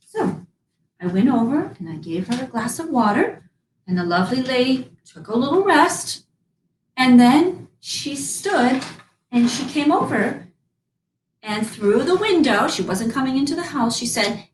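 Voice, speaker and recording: A woman storytelling in character as a fairy-tale princess, sweetly coaxing children to join in. She speaks slowly with lively, rising and falling pitch. The sound is roomy and distant, as in a museum room, with a faint hum behind. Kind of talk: interactive storytelling in character for kids. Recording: roomy, from far off, faint background noise.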